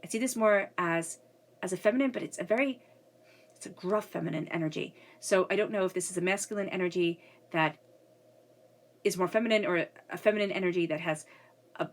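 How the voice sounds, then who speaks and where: A woman's voice: on the low side, brisk, pauses often. A woman giving a casual spiritual reading who is coming down with a cold and speaks earnestly, often repeating herself and checking in with "okay?". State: getting a cold. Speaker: tarot reader.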